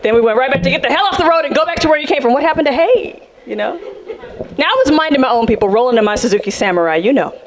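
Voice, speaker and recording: A woman from South Central Los Angeles works a stand-up set on a club stage, sassy and animated as she acts out the people in her stories. Her voice sits high. Loud crowd laughter rolls in behind her. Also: rapid-fire. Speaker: stand-up comedian. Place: comedy club stage with audience. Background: audience laughing.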